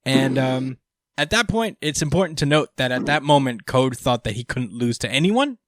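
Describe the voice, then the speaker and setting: A man's voice: mid-range voice, lively intonation, normal speed, dry recording, clean studio sound. Rambling male podcast host. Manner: rambling, many fillers, casual swearing. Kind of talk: casual chapter recap.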